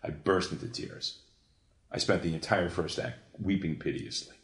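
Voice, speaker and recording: A man in an interview, telling a long story in an animated, profane way, full of restarts. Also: low-pitched, moderate pace. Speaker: guest, comics creator. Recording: echoey room.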